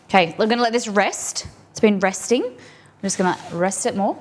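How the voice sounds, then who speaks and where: A woman's voice: medium pitch, expressive, moderate pace. Chatty Australian woman cooking live on stream. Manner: chatty, rambling, talks to chat while cooking. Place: home kitchen set up as a studio.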